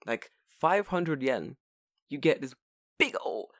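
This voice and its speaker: A man chatting on a podcast, very lively and swinging his pitch high whenever he quotes himself. He swears freely and tells his stories with big energy. His voice sounds dry and close to the mic. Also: slow, dry recording. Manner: animated storyteller, swears freely, jumps into high mock voices when quoting himself. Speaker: podcast co-host. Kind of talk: casual chat.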